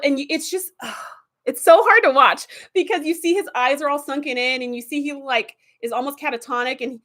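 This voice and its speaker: A woman's voice: high voice, brisk. A woman casually and animatedly retelling TV episodes as a reviewer, with lots of fillers. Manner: animated, chatty, with fillers and laughs.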